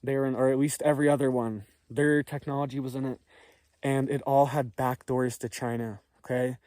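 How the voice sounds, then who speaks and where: A hoarse man hosting a casual commentary video, rambling and emphatic and checking in with viewers after each point. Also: medium pitch, level tone, brisk, warm tone, dry recording, studio quality. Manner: rambling, emphatic, frequent "okay?" and "all right?" check-ins. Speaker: commentary channel host.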